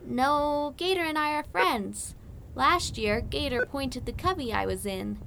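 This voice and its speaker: A woman voicing a timid, gentle young male quail in an audiobook, with a high, nervous, chirpy manner. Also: lively intonation, a little slow, vocal fry, a little hiss or hum, heavily acted. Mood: chatty. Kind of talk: audiobook character voice.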